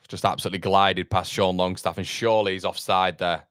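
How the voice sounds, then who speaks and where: A man's voice: low voice, little pitch movement, moderate pace, fairly bright tone, smooth, no echo, clean studio sound. A man hosting a fan watchalong, calling the match live play by play and answering viewer chat, with partisan exasperation. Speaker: fan channel host.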